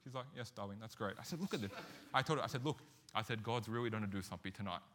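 A man in his thirties preaching, his voice bright and forceful. He tells the story with animated, self-mocking energy, acting out the lines of each person in it. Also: mid-range voice, rapid-fire, slight background noise. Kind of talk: sermon with storytelling.

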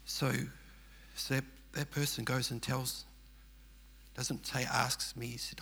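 Gravelly older Australian man. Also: mid-range voice, flat delivery, slow, pauses often, bright, forceful tone. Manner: earnest, rambling, emphatic. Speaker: churchgoer telling his story. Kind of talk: personal testimony storytelling.

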